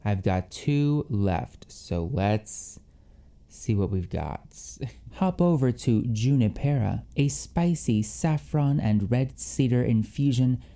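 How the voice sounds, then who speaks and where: A man's voice: medium pitch, animated, slow pace, gravelly, dark tone. A man hosting a fragrance review vlog, moving between reading scripted perfume descriptions and gushing, theatrical reactions.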